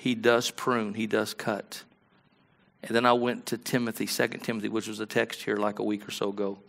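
A man preaching a sermon as pastor, telling folksy stories in a conversational way and rising to loud, animated peaks. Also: on the low side, fairly quick, vocal fry.

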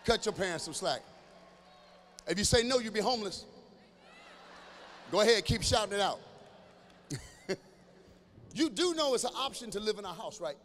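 A middle-aged man performing stand-up comedy at a live show in a large church venue, talking straight to the crowd in an animated way and now and then breaking into shouts. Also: high-pitched, normal speed, long pauses, slight background noise. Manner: animated, addresses the audience directly, breaks into shouts. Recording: echoey hall with faint ambience.

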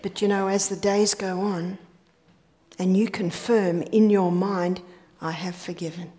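A woman's voice: mid-range voice, flat delivery, slow, mellow. A woman giving a church health lecture, telling stories and asking rhetorical questions, sometimes dropping to a whisper on key points. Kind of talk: sermon-style lecture to an audience.

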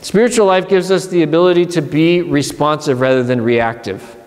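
A man's voice: fairly high pitch, normal speed, darkish tone, long reverb tail. A man, an abbot from Pennsylvania, giving a conversational sermon at a retreat and acting out inner voices. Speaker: monastery abbot. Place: church.

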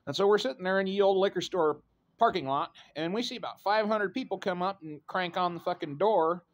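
A man's voice: sits high, a little fast. Profane rambling middle-aged man. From Idaho, USA. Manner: profane, rambling, full of fillers like "right?" and "you know". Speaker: vlogger telling a personal story. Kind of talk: casual rambling storytelling.

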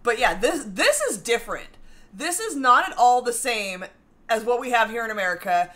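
A woman's voice: on the high side, very animated, moderate pace, fairly bright tone. A woman co-hosting a home baking livestream, reading viewer comments aloud and laughing often as she chats. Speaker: cooking show co-host. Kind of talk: casual livestream chat.

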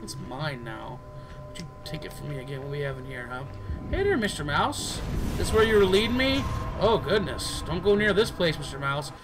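A man's voice: on the high side, big pitch swings, moderate pace, over music, poor audio. A man giving casual gameplay commentary as a let's player, goofy and joking, chatting to the characters on screen. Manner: goofy, jokes and talks to game characters.

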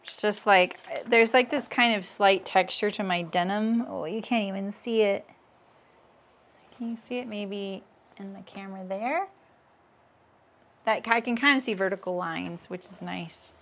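A woman's voice: mid-range voice, measured pace, a bit bright. A woman in her thirties hosting a casual sewing livestream, chatting with viewers and laughing at her own jokes as she works.

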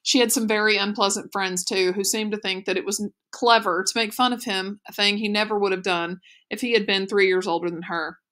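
A woman teacher reading a children's novel aloud in a clear, steady, expressive way. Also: medium pitch, a little fast, hardly any pauses. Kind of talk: audiobook read-aloud narration.

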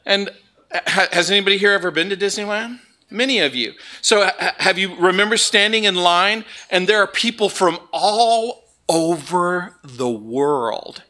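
A man from Southern California preaching a sermon in a church, joking and telling stories in a lively way before turning to scripture. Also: high-pitched, a little slow. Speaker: pastor. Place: church sanctuary.

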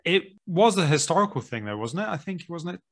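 A man's voice: on the high side, big pitch swings, a little fast. A British man hosting a podcast, chatting in an easygoing way and often ending with tag questions. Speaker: podcast host. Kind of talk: casual chat.

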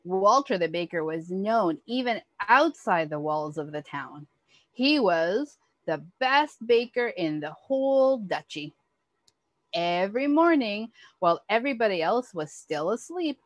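A woman, an early childhood educator, reading a picture book aloud to children with expressive, animated storytelling. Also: mid-range voice, no echo.

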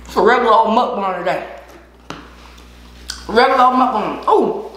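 A woman's voice: on the high side, normal speed, fairly bright tone. A woman chatting casually while eating on a mukbang vlog, laughing often and giving encouragement. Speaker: vlogger. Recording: echoey room.

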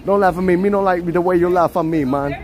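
Guy doing a fake tough jamaican dude, kinda high voice, talking trash out on a city street. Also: normal speed, a little hiss or hum, close to an everyday voice. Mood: mock angry. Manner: boastful, threatening, playful mock patois.

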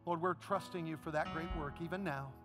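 A man's voice: on the high side, steady tone, brisk, music in the background. A man preaching a sermon as pastor, then leading the congregation in an emotional prayer. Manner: impassioned preaching, rising to a shout.

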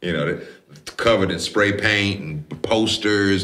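A man's voice: low-pitched, unhurried, sharp tone. A man hosting a podcast, recapping a film in a casual, profane, slangy way. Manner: profane, slangy, laid-back. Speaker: podcast host.

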